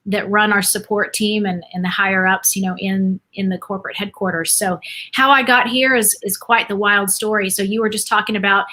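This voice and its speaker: A middle-aged woman from Dallas talks as a guest on a relaxed podcast, bright and forward in tone. She tells her story in a chatty way and laughs easily, her pitch sitting in an ordinary middle range. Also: brisk. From Dallas, Texas, USA. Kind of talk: casual podcast chat.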